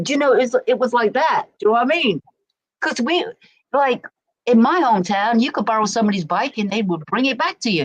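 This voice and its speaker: A woman from chatting as a guest on a home live stream, telling stories and often asking "do you know what I mean", with no external mic. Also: fairly high pitch. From England, Berkshire. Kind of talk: casual chat. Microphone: no external mic plugged in.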